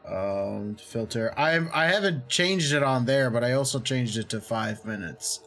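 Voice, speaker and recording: A man's voice: medium pitch, expressive, measured pace, a bit bright, soft background music. A man playing a tabletop game online, chatting casually in a laid-back, joking way. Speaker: player.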